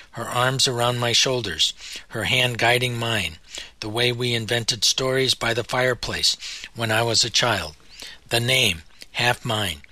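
A man narrating his memoir as an audiobook, in measured, solemn, deliberate phrasing. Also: mid-range voice, bright, forceful tone, no room sound.

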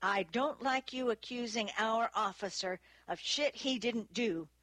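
A woman's voice: a little high, a little slow, fairly bright tone, no room sound. A woman narrator voicing a blustering, defensive male official who barks his lines. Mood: indignant. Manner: barking, indignant.

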